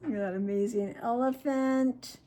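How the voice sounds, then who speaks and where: A woman vlogger opening fan mail on camera, gushing and excitable, chatting to her viewers and her cat and trailing off mid-sentence. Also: fairly high pitch, moderate pace. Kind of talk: casual chat to camera.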